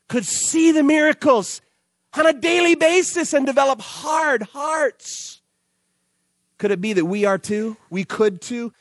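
High-voiced animated preacher man. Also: no room sound, clean studio sound. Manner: storytelling, animated, acts out dialogue. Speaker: pastor. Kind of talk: sermon with prayer.

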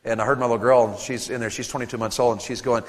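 A man in his thirties preaching a sermon to teenagers at a camp, animated and storytelling, acting out voices and joking with the crowd. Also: mid-range voice, rapid-fire, big-room sound.

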